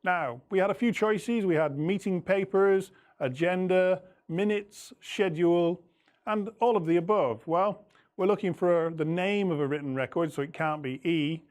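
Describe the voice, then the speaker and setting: A man with a slightly higher voice works through an English answer sheet like a patient teacher. He reads each model sentence slowly and carefully, lifting and dropping his tone to show questions and answers. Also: darkish tone. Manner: slow, deliberate reading of example sentences with clear rising and falling tones. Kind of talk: going over answers in an English lesson.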